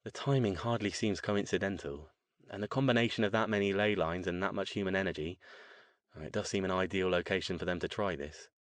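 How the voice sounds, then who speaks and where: A male narrator voicing a grim, dry-witted scholar-sorcerer who speaks in a measured, wry way. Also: deep voice, no room sound, natural voice.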